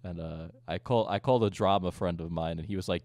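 A low-voiced young man who rambles through a casual chat with crude jokes and lots of filler. The sound is dry and close, with no room around it. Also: fast, a little mellow, no room sound. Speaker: streamer and host.

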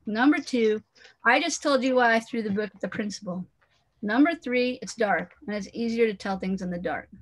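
A woman's voice: on the high side, moderate pace, lightly acted. A woman reading aloud from a children's chapter book, voicing a playful, curious boy who is the narrator's best friend. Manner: teasing, chatty, counts points off.

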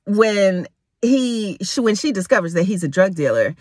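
A woman telling a personal story in a vlog, animated and dramatic, breaking into laughs. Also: mid-range voice, normal speed, no echo, clean studio sound.

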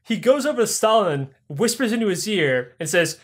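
A man's voice: sits high, animated, brisk, hardly any pauses, a bit bright. A man telling history as a comedy story, swearing a lot and acting out people's lines. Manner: crude, profane, acts out characters' lines. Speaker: podcast host.

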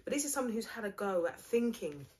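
A woman's voice: on the high side, big pitch swings, quick pace, darkish tone, slight background noise. A woman giving a casual tarot reading, rambling, blunt and mocking. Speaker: tarot reader.

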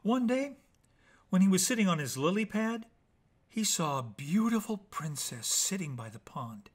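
A man reading children's bedtime stories aloud in an animated, playful way with dramatic pauses. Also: high-pitched. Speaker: storyteller.

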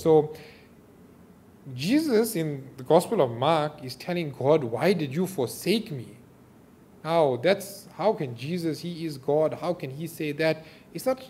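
South African man teaching a class, a little high. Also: normal speed, slight background noise. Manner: explanatory, quotes scripture in a lively voice. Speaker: instructor. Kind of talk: classroom lecture.

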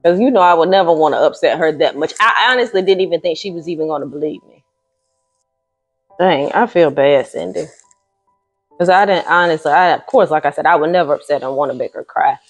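A woman's voice: deep voice, a little fast, soft background music. A woman on a prank phone call and vlogging afterwards, casual and apologetic. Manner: apologetic, emphatic, talks with friends nearby. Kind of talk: casual phone chat and vlog talk.

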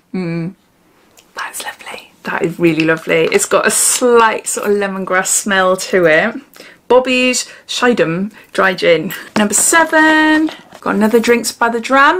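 A woman chatting casually as she unboxes and sniffs gins, giggling often and dropping into whispers. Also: medium pitch. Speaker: beauty vlogger.

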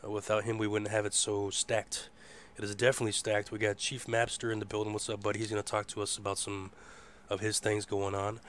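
A man hosting a casual live internet radio show. His voice is hoarse, and he rambles in a laid-back way and swears freely. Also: on the low side, monotone, a little fast, fairly bright tone, slight background noise. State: hoarse from a rough voice. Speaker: host.

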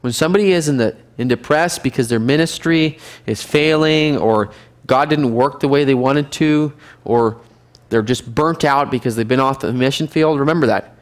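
A man's voice: medium pitch, normal speed. A man teaching a Bible study class, reading scripture aloud and explaining it in a conversational way, asking the class questions.

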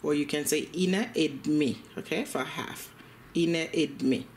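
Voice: mid-range voice, measured pace, slight background noise. A language teacher giving a spoken lesson, patient, repeating each phrase and checking in with the listener again and again.

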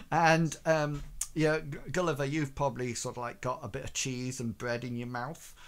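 A man's voice: mid-range voice, flat delivery, normal speed, fairly bright tone, a little hiss or hum. A man narrating as game master in a tabletop game, hesitant and full of fillers.

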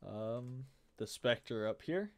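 A man's voice: mid-range voice, expressive, takes it slowly, dry recording. A man running a tabletop game as game master, casual and laid-back, swearing freely.

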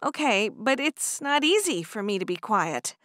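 A woman narrator voicing an eager, chatty young Amish woman who talks high and breathless. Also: very animated, measured pace, fairly bright tone, dry recording, studio quality. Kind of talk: audiobook character voice.

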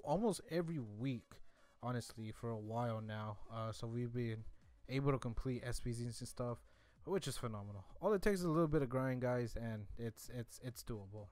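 A young man giving rambling casual commentary while opening game card packs, repeating himself with mock-defensive asides. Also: mid-range voice. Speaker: gaming YouTuber.

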